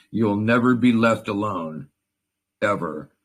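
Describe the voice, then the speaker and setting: A man's voice: on the low side, lively intonation, slow, slightly rough. A man who is a veteran, talking in a rambling, profane and emotional way in a casual chat. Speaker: veteran in a conversation.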